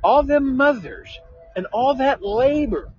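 A high-voiced older man talks slowly in a blunt, folksy, rough-spoken way, laughing often. The recording is dull and lo-fi, with faint music underneath. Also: no room sound. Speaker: conversation partner. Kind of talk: casual chat.

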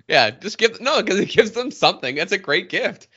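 Bright, animated male co-host, casual and profane. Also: sits high, moderate pace, slightly rough. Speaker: podcast co-host, improviser. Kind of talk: casual comedic chat. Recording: slightly dull lo-fi recording.

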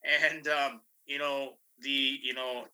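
A man with a very bright, forceful voice tells a story at an easy mid pitch. He is animated and chatty, and he fills his sentences with "you know" and "right?". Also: slow pace, smooth, rough recording. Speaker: guest. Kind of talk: casual storytelling.

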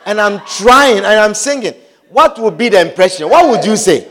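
A man's voice: high-pitched, animated, normal speed, fairly bright tone. A pastor preaching a sermon. He repeats key phrases for emphasis and keeps asking the congregation whether they understand.

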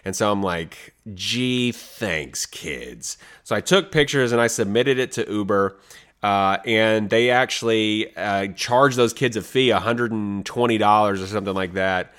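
A man co-hosting a podcast, telling stories in a casual, animated way and laughing often. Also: lowish voice, normal speed, clear, resonant tone. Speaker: podcast co-host. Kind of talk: casual storytelling chat.

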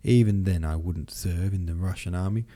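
Bitter brooding nobleman read by a guy, deep dark voice, cutting and gloomy. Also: normal speed, lightly acted.

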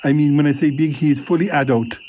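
A man's voice: on the high side, fairly even intonation, fast, warm tone, husky. A man playing a shy flustered fellow. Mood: worried. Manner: nervous, flustered protests. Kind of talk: comedy audio drama.

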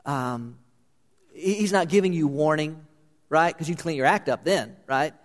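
A high-voiced man delivers a sermon, swinging from conversational storytelling to impassioned pleading. His voice carries a long reverb tail from the church hall. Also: unhurried. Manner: impassioned, rising to pleading intensity. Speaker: pastor.

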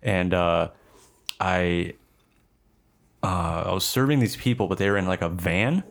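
A man's voice: low-pitched, gravelly. A man in casual chat who rambles through dream stories and laughs as he talks. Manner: fast, rambling, laughs while telling stories.

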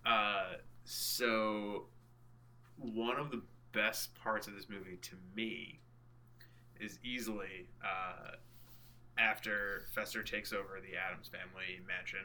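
Young man, bright, forceful voice, podcast guest quoting favorite movie lines with laughs. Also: lowish voice, slow, slight background noise, poor audio. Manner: animated storyteller, quotes lines with laughter. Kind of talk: casual movie chat.

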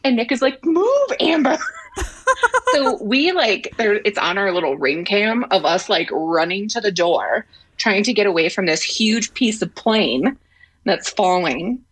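A woman's voice: a little slow, slightly rough. A woman co-hosting a podcast over a call, telling a story in casual chat, acting out quotes and leaning on "like". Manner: animated storyteller, acts out quotes with big pitch jumps; fillers like "like" and restarts. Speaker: podcast co-host. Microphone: remote call.

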